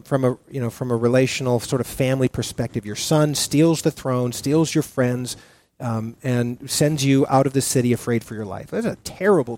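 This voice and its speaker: A man preaching a sermon as pastor, earnest and halting, often restarting his sentences with fillers. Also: on the high side, a little mellow.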